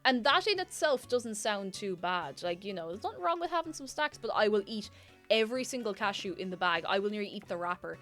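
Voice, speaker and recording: A woman's voice: mid-range voice, expressive, brisk, fairly bright tone, soft background music. Rambling, giggly woman livestreamer. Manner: rambling, giggly and self-mocking. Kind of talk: casual chat reading viewer messages.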